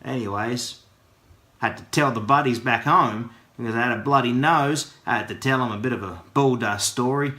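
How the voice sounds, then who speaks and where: A man's voice: medium pitch, normal speed, bright, forceful tone. A man with an Australian accent, casually telling a playful story crammed with Aussie slang. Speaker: vlogger.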